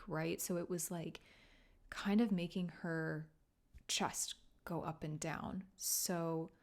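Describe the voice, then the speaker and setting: A woman podcast host telling a personal story in a soft, halting, tearful way, often dropping to a whisper. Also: fairly low pitch. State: emotional, near tears. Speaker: podcast host and grief coach. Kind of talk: personal solo podcast monologue.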